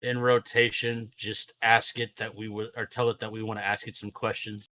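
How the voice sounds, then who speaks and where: A man's voice: lowish voice, flat delivery, normal speed, sharp tone. Blunt, bossy man playing a tabletop game. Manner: blunt, swears, bossy in character. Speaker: player. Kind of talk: casual tabletop game play.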